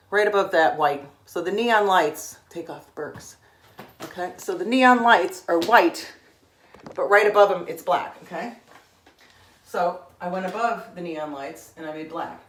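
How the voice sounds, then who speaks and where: An echoey room and a faraway mic surround this art instructor, a woman in her forties from Connecticut, USA, whose pitch sits fairly low. Her painting lesson wanders with talkative tangents, punctuated by frequent "okay?" check-ins.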